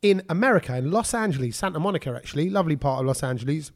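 A man with a fairly high voice hosts a relaxed chat, teasing his friends and spinning a story as he goes. He speaks in an easygoing, conversational way. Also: racing. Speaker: podcast host. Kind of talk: casual chat.

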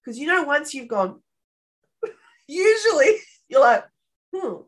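A woman with a slightly high-pitched voice talks through parenting ideas in a relaxed interview. She is animated and often ends her points with a quick "right?" to check in with the listener. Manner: animated, acts out parent-child dialogue; frequent tag questions. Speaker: parenting expert guest. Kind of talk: casual interview explanation.

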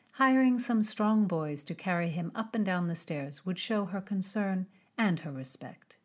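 A woman narrates an audiobook in a measured, expressive way. Her voice sits on the low side for a woman. The telling is steady and clear. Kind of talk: scripted narration of a historical romance.

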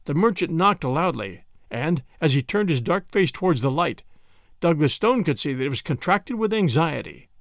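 Expressive male story narrator. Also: on the high side, moderate pace, vocal fry, no room sound, studio quality. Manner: expressive, dramatic reading.

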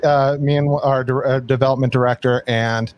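Podcast guy chatting casually, rambles a lot, lots of "you know"s, mid pitch. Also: steady tone, normal speed, highs cut off. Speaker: podcast co-host. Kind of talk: casual chat.

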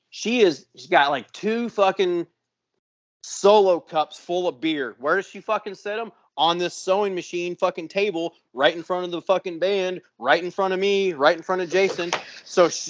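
A man in his forties, a podcast co-host, telling a profane story with lots of swearing and loud sound effects. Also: high voice, dry recording, highs cut off. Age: 40s.

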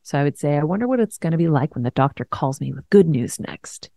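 Frank, animated woman host. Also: low voice, quick pace, creaky, dry recording. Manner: frank, animated, swears and laughs while telling hard news. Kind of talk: candid conversational storytelling.

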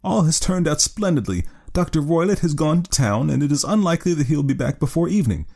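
A man reading an audiobook, voicing an anxious young woman client in a high, breathless voice. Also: animated, brisk, dark tone, close to an everyday voice. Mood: relieved.

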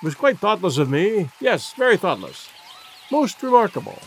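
A man's voice: high voice, wildly swooping pitch, moderate pace, slight background noise, full character voice. A man doing a dithering old professor. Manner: soft, dithering, pompous. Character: absent-minded elderly male professor, mild and fussy.

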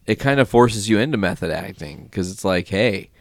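A man with a fairly low voice chats on a podcast, animated and quick to joke, swearing without a second thought. The sound is close and dry, with no room behind it. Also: gravelly, no room sound. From small town in Indiana. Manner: animated, joking, swears freely. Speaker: podcast co-host. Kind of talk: casual podcast chat.

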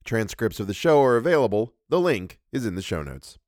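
A man hosting a podcast, reading a horror story aloud with a measured, expressive delivery. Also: fairly low pitch, no room sound, studio quality. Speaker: podcast host and narrator.

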